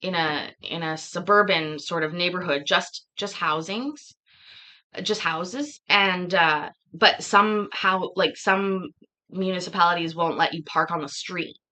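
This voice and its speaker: A Canadian woman hosts a relaxed livestream, talking slowly in a bright, forceful voice. She laughs easily and playfully argues with her viewers. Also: fairly low pitch. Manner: laughing, playful, mock-arguing about pronunciation. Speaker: livestream host. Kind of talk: casual chat with live viewers.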